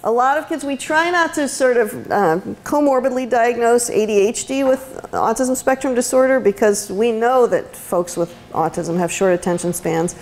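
A woman's voice: on the high side, normal speed, few pauses, a little mellow. A woman giving a conversational lecture as an autism educator, with frequent ums and restarts. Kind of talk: university lecture talk. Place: lecture room.

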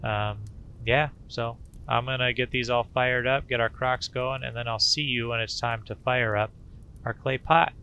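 A man with a gravelly, bright voice gives loose, folksy commentary on his game, sprinkled with playful noises. Faint noise sits behind him. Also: medium pitch, steady tone, normal speed. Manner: rambling, folksy, with filler sounds like boop. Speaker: gaming channel host. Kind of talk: casual let's-play commentary.

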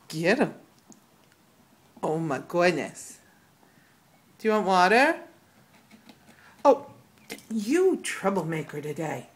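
A woman's voice: lowish voice, very animated, slow, pauses often. A woman filming her pet squirrel, talking to it in playful scolding baby talk. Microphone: handheld camera.

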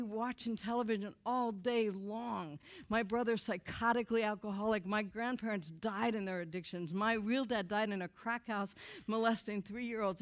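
A woman giving a candid personal testimony to an audience, swinging from loud outbursts to hushed, quiet lines. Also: on the high side. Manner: candid and self-mocking, with quick asides to the listeners. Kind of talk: emotional storytelling to an audience.

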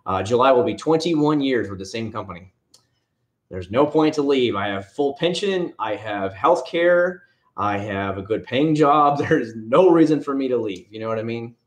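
A man's voice: medium pitch, lively intonation, normal speed. A man in his late thirties hosting a casual livestream, chatting in a rambling, frank way and answering viewers' questions. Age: 30s. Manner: rambling, conversational, frank opinions. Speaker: livestream host. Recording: echoey room.

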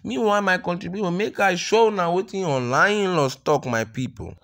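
A man with a Nigerian accent giving animated celebrity gossip commentary, repeating himself and calling out to his viewers. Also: high voice, a little fast. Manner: animated, repetitive, addresses viewers as "my country people".

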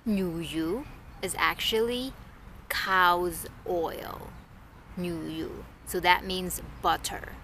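Woman, casual home vlog lesson, unhurried delivery, repeats each word, light background hiss. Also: fairly low pitch. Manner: relaxed, thinks aloud, repeats words slowly. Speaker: language teacher vlogger.

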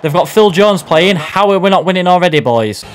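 Excitable young gamer, slightly high. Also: male voice, brisk. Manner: excitable, self-mocking, reacts loudly to play. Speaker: gaming YouTuber. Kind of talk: live gameplay commentary.

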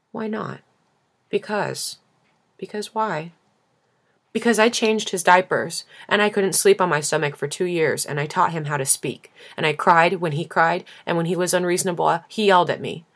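Woman voices a guarded grandmother, firm and emphatic, low gravelly tone, audiobook.

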